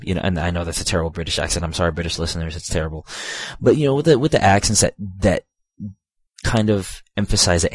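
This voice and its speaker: A man's voice: sits low, animated, brisk, dry recording. A man giving a casual, rambling video game review, full of fillers, asides and profanity.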